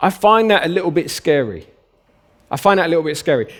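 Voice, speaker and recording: A man's voice: a little high, quick pace. Man preaching a casual sermon. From South West London. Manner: informal storytelling with lively acted-out quotes. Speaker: pastor. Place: church.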